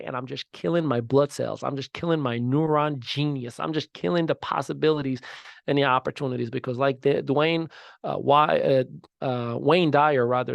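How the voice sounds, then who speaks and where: A man in his thirties hosting a podcast, giving an emphatic motivational talk that swings from loud to soft. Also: mid-range voice, gravelly, no room sound. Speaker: podcast host.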